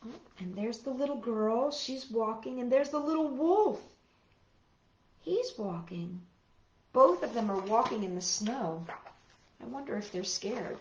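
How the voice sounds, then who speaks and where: A woman reads a children's picture book aloud, her voice rising and falling in wide, lively sweeps. She speaks slowly and stays fairly high, pausing to wonder aloud and draw young listeners in. The recording sounds roomy and a little muffled. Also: slight background noise. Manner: expressive and wondering aloud, with soft gasps. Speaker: storytime reader. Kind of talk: children's storytime narration.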